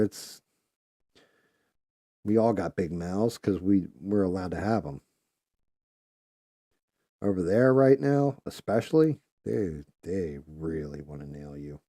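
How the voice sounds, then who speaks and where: A man's voice: sits low, dark tone, dry recording, studio quality. Blunt, profane man. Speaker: live show host. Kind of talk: casual live-stream chat.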